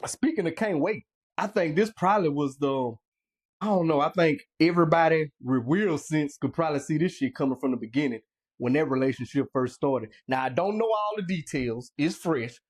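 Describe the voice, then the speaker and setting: A man from Louisiana hosting a talk show, animated and emphatic in casual chat. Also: fairly high pitch, breathy edge. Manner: animated, emphatic, quick interjections.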